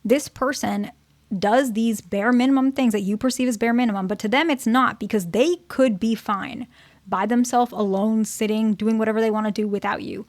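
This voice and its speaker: A woman's voice: a little high, moderate pace, darkish tone, dry recording. A woman therapist giving relationship advice in a casual, conversational way, often checking in with "okay?" and "right?". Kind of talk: casual advice talk to her channel's viewers.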